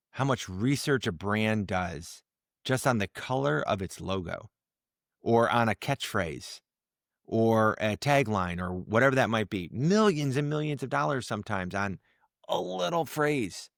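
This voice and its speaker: A man guest on a podcast, talking in a casual interview, animated and full of restarts and repeated words as he acts out tones to make his point. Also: medium pitch, vocal fry, no echo, studio quality. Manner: animated, explains through examples and acted-out tones. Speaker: guest, leadership communication coach.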